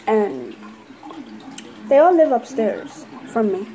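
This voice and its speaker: Young woman, casual vlog chat, rambling and filler-heavy, slightly high voice. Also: sing-song, takes it slowly, mellow, a little hiss or hum, low-quality recording. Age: young adult. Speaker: vlogger.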